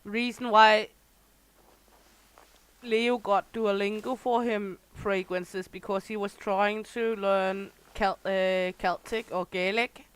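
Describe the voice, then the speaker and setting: A woman streaming a game and chatting with her viewers in a relaxed, teasing way. She talks at an ordinary pitch and keeps up easy banter with her regulars between moments of play. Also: slow pace, hardly any pauses, clear, resonant tone. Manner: chatty, teasing chat regulars by name while playing. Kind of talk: casual livestream chat with viewers.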